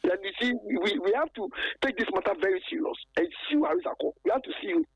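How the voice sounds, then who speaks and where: A gravelly, husky man talks over a dull, muffled phone line. He stumbles and repeats himself as he airs a grievance, and his pitch leaps up and down. The sound is dry and close. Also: sing-song, dry recording. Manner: halting and aggrieved, stacks repeated words and fillers. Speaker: former footballer calling in. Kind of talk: phone-in interview.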